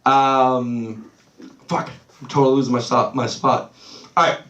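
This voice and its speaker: A man's voice: mid-range voice, fairly even intonation, a little slow, a bit bright, far from the mic, highs cut off. A man doing a live stand-up set in a small club, loose and swearing, losing his place and laughing it off. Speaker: stand-up comedian. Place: small comedy club stage. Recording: roomy club sound from off-mic.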